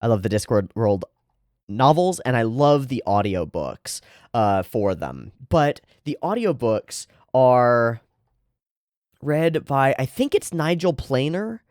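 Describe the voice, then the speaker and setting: A man reads a manga aloud and chats about it in an easy, animated way. His pitch moves a lot as he talks, and he swears casually. The room sound is dry and close. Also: slow pace, no room sound. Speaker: manga reader and channel host.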